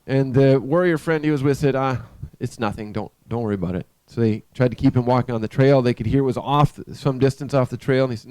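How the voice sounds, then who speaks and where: Dark-voiced man telling a sermon story. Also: medium pitch, smooth, no echo. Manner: conversational, halting with restarts. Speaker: preacher. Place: church.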